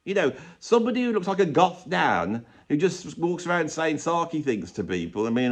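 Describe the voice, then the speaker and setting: A man's voice: on the high side, big pitch swings, a little fast, hardly any pauses. A man ranting sarcastically in a rambling vlog, filmed in a room with bare brick walls. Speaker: YouTuber and drummer.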